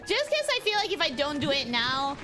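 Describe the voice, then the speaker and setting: Bubbly young woman streamer, high sing-song voice, game music going behind her. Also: sing-song, fairly quick. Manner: bubbly, chatty, talks to chat. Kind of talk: casual game stream chat.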